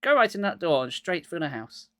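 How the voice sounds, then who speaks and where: Man doing a reassuring movie director, calm, steady, slightly raised pitch, dry sound. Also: fairly quick, no room sound.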